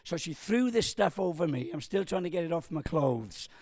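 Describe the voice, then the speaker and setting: Older male preacher, high pitch, storyteller who gets loud and excited at punchlines; dry sound. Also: moderate pace, vocal fry, dry recording. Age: 60s. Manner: storytelling, jokey, stumbles and restarts. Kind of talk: sermon with a personal story.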